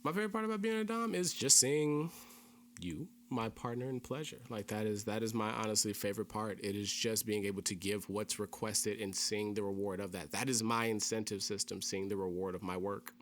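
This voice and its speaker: A man's voice: lowish voice, level tone, a little fast, hardly any pauses. A young man hosting a casual podcast chat, explaining things earnestly and repeating key phrases for emphasis. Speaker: podcast host.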